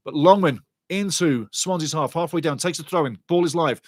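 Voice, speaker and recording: A man giving lively, chatty live football watchalong commentary and greeting viewers in the chat. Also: fairly high pitch, normal speed, no echo, clean studio sound.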